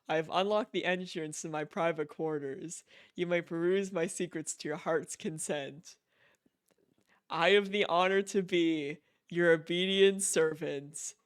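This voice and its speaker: A man voicing a male letter-writer in an ornate, old-fashioned style, reading each stilted sentence with ceremony. The voice sits high for a man and sounds smooth and resonant. The delivery is mannered and formal throughout. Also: steady tone, a little slow, natural voice. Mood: mock-formal.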